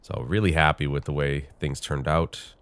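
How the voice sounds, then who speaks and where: Here a man with a rumbling low, slightly bright, congested voice chats his way through a game at a moderate pace, his intonation fairly even. He rambles and thinks out loud, filling gaps with lots of fillers, on a dry recording.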